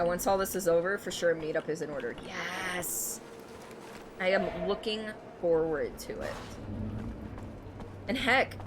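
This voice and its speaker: A young woman streams a game from home and chats easily with her viewers, often breaking into laughter. Her voice sits a little low, and a steady hum of noise runs under her mic. It sounds like a casual, unscripted gaming stream. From Michigan, United States. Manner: chatty, laughs often, talks to chat. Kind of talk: casual gameplay stream chat.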